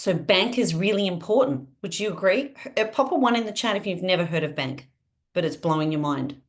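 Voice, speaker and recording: A woman with a lowish voice leads her sales team through a live online training on a video call, speaking a little fast. Her style is chatty and energetic, and she frequently puts questions to her audience.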